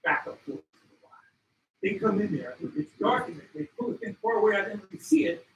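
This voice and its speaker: A man telling wildlife photography stories to an expo audience, excitable and loud at the peaks, acting out the animals. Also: high-pitched, brisk, gravelly, roomy sound, far from the mic, slight background noise, poor audio. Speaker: wildlife photographer giving a talk. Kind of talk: animated storytelling presentation. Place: expo hall. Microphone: handheld mic.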